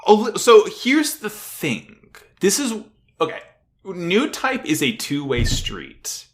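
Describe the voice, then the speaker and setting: A man co-hosting a podcast, recapping an anime in a casual, animated way, with swearing and frequent laughter. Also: sits high, slow. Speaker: podcast co-host.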